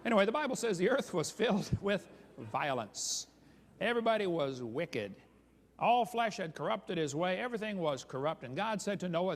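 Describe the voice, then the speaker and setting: A man's voice: high voice, big pitch swings, moderate pace, big-room sound, slight background noise. A man giving a humorous seminar talk as a creationist speaker, sarcastic and chuckling at his own jokes.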